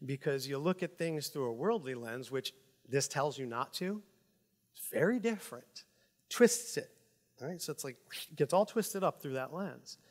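A man preaching a sermon as pastor, emphatic and animated, swinging between loud stresses and quiet asides. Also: medium pitch, normal speed. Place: church sanctuary. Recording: long hall reverb.

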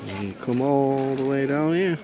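In a noisy outdoor recording with dull audio, a travel vlogger by the beach speaks in a mid-range voice with lively intonation at a measured pace. Co-hosting the vlog, he chats in a joking, easygoing manner and mutters as he reads signs.

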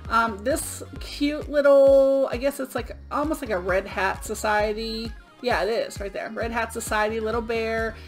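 A woman's voice: fairly high pitch, fairly even intonation, normal speed, hardly any pauses. Middle-aged woman vlogger, upbeat and chatty, a bit winded from illness, light background music. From Florida. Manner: chatty, upbeat, many ums. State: sick, out of breath. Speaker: eBay reseller vlogger. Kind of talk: casual show-and-tell vlog.

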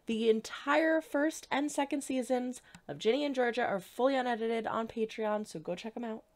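A woman's voice: fairly high pitch, normal speed. Bubbly woman reacting on camera. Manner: bubbly, gushing enthusiasm. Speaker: reaction channel host. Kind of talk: excited reaction vlog.

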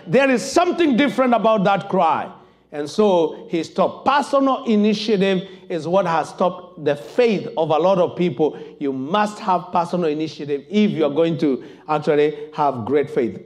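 High-voiced impassioned male preacher. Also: expressive, normal speed. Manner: impassioned, building to shouted emphasis. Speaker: pastor. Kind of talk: sermon.

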